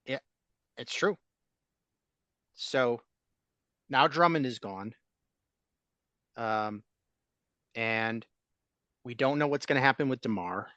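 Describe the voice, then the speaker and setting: A man talking sports in a casual, opinionated way, often restarting his sentences as he thinks aloud. His voice has a middling pitch and is recorded dry and close, with no room sound. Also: slow pace, pauses often, bright, forceful tone, dry recording, dull audio. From Chicago area. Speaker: sports talk podcast host.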